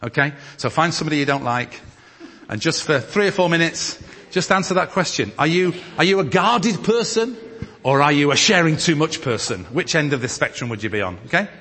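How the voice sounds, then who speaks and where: Man, preacher, from northern England, husky, lively pitch, church hall with long reverb. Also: fairly quick. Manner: animated, reads scripture with rising emphasis. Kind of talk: teaching sermon with group discussion.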